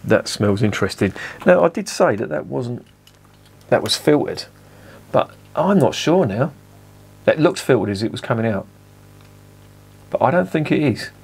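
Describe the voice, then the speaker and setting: A man's voice: mid-range voice, sing-song, moderate pace, creaky, pauses often, a little mellow, breathy edge. A man chatting casually at home as he reviews a beer, often correcting himself. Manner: chatty, self-correcting, swears at the camera.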